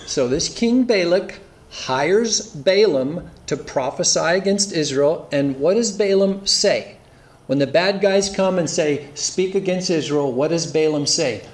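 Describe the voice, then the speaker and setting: A man's voice: a little high, measured pace. A man preaching an earnest expository sermon, reading scripture aloud and explaining it. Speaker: pastor.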